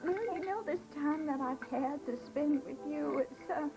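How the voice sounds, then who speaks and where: A woman's voice: sits high, moderate pace, creaky, over music, poor audio. An actress playing a fussy, guilt-tripping older mother-in-law who talks in a wheedling, tearful quaver, in a daytime soap. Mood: self-pitying.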